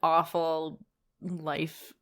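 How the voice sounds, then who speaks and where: Slow-talking woman co-hosting a podcast. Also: deep voice, monotone, fairly bright tone. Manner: laughing, teasing. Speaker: podcast co-host. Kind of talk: casual podcast banter.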